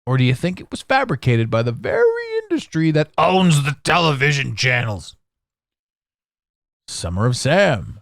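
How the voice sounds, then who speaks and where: A man's voice: a little high, wildly swooping pitch, moderate pace, creaky, fairly bright tone, no echo, studio quality. A tired man in his forties from Canada, ranting sarcastically in a rambling solo podcast monologue. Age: 40s. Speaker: podcast host.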